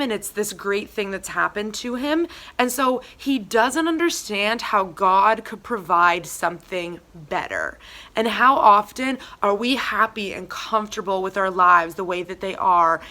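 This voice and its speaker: Bright-voiced chatty young woman. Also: mid-range voice. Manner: chatty, filler-heavy, animated retellings. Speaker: church member giving a devotional. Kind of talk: casual devotional talk with scripture reading.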